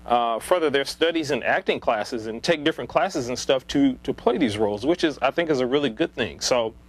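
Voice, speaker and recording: A man chats off the cuff about movie casting in a relaxed vlog. He rambles, pausing often on ums and uhs and restarting his sentences. His voice sits in an ordinary middle pitch. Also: low-quality recording. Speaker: movie commentator. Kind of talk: casual unscripted opinion vlog.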